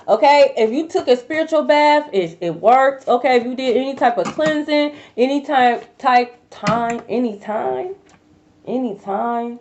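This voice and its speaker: A woman's voice: high-pitched, unhurried, darkish tone, slight background noise. A young woman giving a casual tarot reading to her viewers, blunt and profane, full of slang. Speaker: tarot reader. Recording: dull lo-fi recording.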